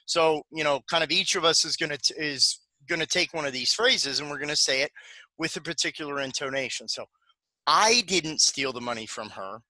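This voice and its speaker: Bright-voiced man presenting a panel. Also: fairly high pitch, fairly quick, dry recording, rough recording. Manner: conversational, many fillers and restarts. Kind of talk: conference panel talk.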